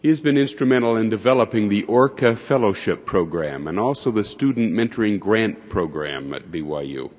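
A man with a very low voice reads a formal introduction of a speaker. His delivery stays measured and courteous. A long hall reverb trails his words. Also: animated, a little mellow. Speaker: presiding introducer.

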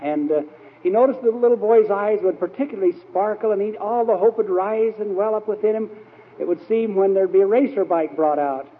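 A man with a high-pitched voice speaks a little fast, preaching a storytelling sermon that wanders through anecdotes with many fillers. The old hall gives the recording a tinny, echoey character.

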